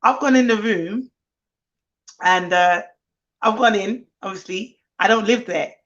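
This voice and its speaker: Unhurried, with a mid-range voice, a woman nanny and co-host shares animated stories in casual talk, mimicking the children she looks after. The stream recording sounds muffled and lo-fi.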